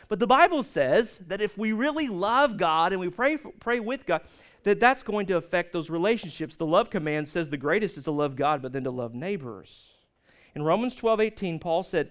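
A man's voice: high voice, expressive, moderate pace, fairly bright tone. A man preaching a sermon as pastor, telling stories and jokes and asking the listeners questions.

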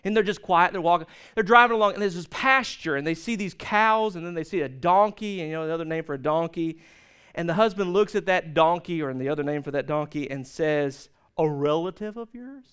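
A man's voice: fairly high pitch, fairly quick, a bit bright, clear, resonant tone. A man preaching a sermon as pastor, telling stories and jokes and asking the listeners questions.

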